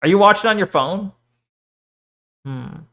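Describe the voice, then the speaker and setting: A man's voice: high voice, animated, measured pace, fairly bright tone. A man streaming and chatting casually, reading chat, swearing often and rambling between topics.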